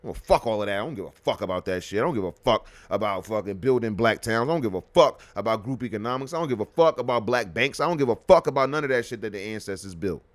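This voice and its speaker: A man hosting a live podcast, delivering a heated, profane, repetitive rant that swings from loud outbursts to low muttering. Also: animated, fast, few pauses, no room sound. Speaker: podcast host.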